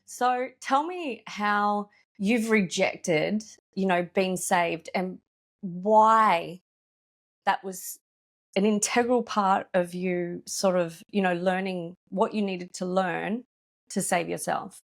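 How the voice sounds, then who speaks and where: A woman's voice: mid-range voice, slow. A woman hosting a podcast, asking frank and thoughtful questions in an interview. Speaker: podcast host.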